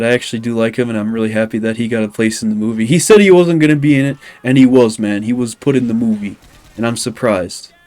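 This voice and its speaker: A young man, talking at an average pitch in loose, rambling commentary. He keeps circling back with fillers and trails into jokey, self-deprecating asides. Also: darkish tone, no room sound. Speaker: commentary YouTuber.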